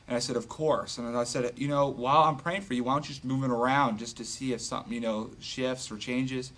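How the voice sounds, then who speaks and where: A man casually retelling a healing story as an evangelist, animated and full of fillers. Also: medium pitch, fairly quick. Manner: animated, filler-heavy retelling with acted quotes. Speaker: street evangelist telling a testimony.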